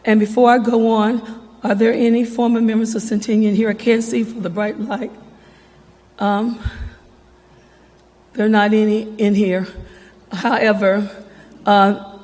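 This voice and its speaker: A woman addresses an audience with a voice congested from allergies, a little out of breath and informal. Her pitch is middle for a woman. The long reverb of a large hall trails her words. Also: level tone, a little slow, long pauses. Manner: warm, slightly breathless, informal. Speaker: foundation representative. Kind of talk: public remarks. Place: event hall.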